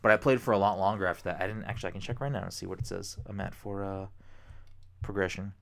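A young man co-hosting a podcast, chatting casually, rambling with excitement and swearing freely. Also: sits low, quick pace, gravelly. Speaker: podcast co-host. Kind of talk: casual chat.

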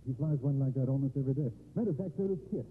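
A man's voice: medium pitch, very fast, natural voice. An actor playing a courteous, slightly hesitant English businessman and father, in 1950s radio drama style. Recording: tinny, hissy 1950s radio broadcast.

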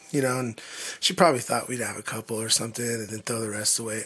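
A man co-hosting a podcast in casual chat, easygoing and quick to laugh, with short reactions. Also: on the low side, fairly even intonation, fairly bright tone, slightly rough. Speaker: podcast co-host.

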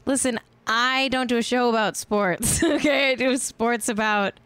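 A woman's voice: a little high, a little slow, a bit bright, clear, resonant tone, no echo. A woman in her thirties from California hosting a casual celebrity-news chat on a live stream, rambling and laughing at herself. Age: 30s. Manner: rambling, self-mocking and giggly. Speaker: podcast host.

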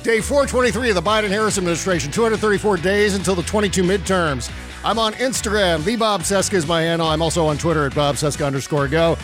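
Man podcast host, joking chat, slightly high voice, music behind. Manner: animated, joking, quick asides. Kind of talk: casual political podcast chat.

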